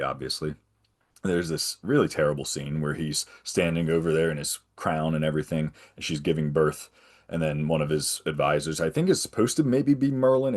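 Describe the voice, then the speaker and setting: A man's voice: a bass voice, darkish tone. A man guesting on a podcast, casually retelling a film's plot in a rambling way and often tagging on "right?". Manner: rambling, checks in with frequent "right?". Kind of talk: casual film recap.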